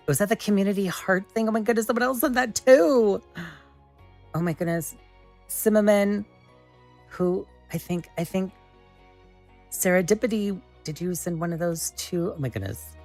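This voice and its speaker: A woman hosting a live stream, chatting casually and excitably with viewers as she builds, often exclaiming and laughing. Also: lowish voice. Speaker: livestream host.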